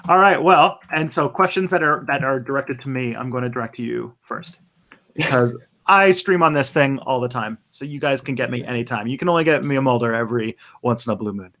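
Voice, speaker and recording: An easygoing man hosts a casual live stream, chatting loosely and improvising as he goes. His voice sits at a middling pitch for a man. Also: fairly quick, sharp tone.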